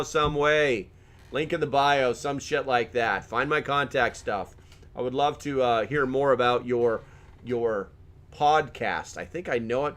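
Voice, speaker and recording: A man's voice: a little high, a bit bright. A middle-aged man hosting a live stream in casual chat, joking as he reads viewer comments aloud and often laughing.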